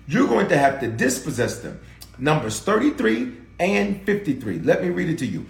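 Fervent preaching man, lively pitch. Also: moderate pace, gravelly, echoey room. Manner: fervent, call-and-response preaching. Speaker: pastor. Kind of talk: livestreamed sermon.

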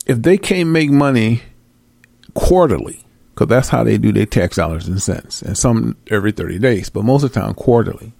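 A man's voice: fairly low pitch, animated, moderate pace, creaky, a little mellow, dry recording, clean studio sound. A man delivering a heated, profane monologue rant, repeating phrases for emphasis.

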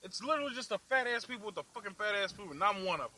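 Young male vlogger, high, very bright and forceful voice, profane angry rant recorded in a car with faint road noise. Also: animated, very fast, poor audio. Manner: angry, foul-mouthed, laughing at himself. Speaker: vlog host. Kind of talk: profane ranting while driving. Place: in a car in the city.

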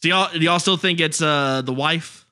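A man co-hosting a casual movie podcast, animated and quick to laugh. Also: fairly high pitch. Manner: animated, laughs often, jumps between points. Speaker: podcast co-host.

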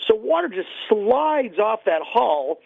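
High gravelly man on a phone line. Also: sing-song, slow, no room sound. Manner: enthusiastic storyteller, many fillers. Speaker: fishing guide and boat seller. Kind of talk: casual radio interview. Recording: dry, tinny phone line.

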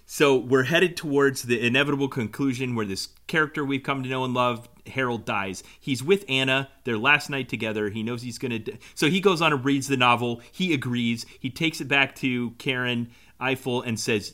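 A man's voice: mid-range voice, normal speed, bright, forceful tone. A man co-hosting a casual movie discussion, thoughtfully summing up the plot. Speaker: podcast co-host.

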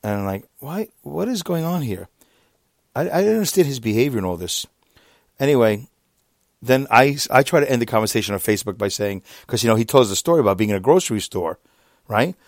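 A man in his fifties, a podcaster, telling a long casual story about an online argument, exasperated and animated, his voice often jumping up high. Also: brisk, no room sound, clean studio sound. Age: 50s. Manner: animated, exasperated, with sudden jumps up in pitch; reads out messages.

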